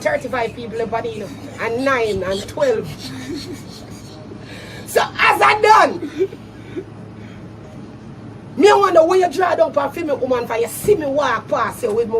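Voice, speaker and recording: A Jamaican man in a shouty patois diss rant, laughing loudly between threats. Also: extremely high pitch, distant mic, noisy background. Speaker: social media personality. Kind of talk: angry diss rant to camera.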